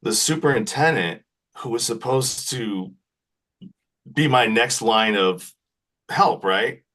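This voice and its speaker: A mid-range male voice, speaking slowly, belongs to a podcast guest relaying a long story. He's animated and casual, repeatedly finishing his lines with "right?"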